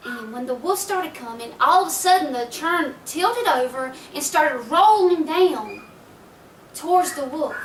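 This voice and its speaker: A woman's voice: high voice, a bit bright, a little hiss or hum. A woman retelling a folk tale aloud, folksy and chatty, with asides to her listeners. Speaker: storyteller. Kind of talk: oral storytelling retelling. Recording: roomy echo from a distant mic.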